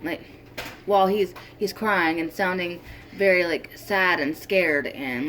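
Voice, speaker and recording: A young woman chatting casually in a vlog, her voice sitting a little low for a woman. She rambles, circles back and fills gaps with ums and likes. A faint background noise runs under the recording. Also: slow, a bit bright. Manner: chatty, rambling, with many fillers and restarts. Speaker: vlogger.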